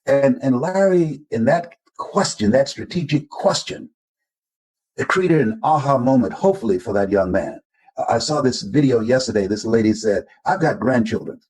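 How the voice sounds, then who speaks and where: Husky older storyteller man. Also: medium pitch, lively intonation, moderate pace, a little mellow, low-quality recording. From Florida, United States. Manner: emphatic storyteller who acts out quoted voices. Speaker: motivational speaker. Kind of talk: interview storytelling.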